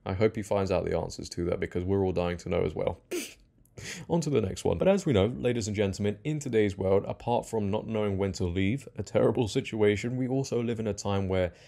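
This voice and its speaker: A man's voice: on the low side, fairly quick, creaky, warm tone. A young man hosting political commentary in a mocking, sarcastic tone. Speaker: commentary channel host.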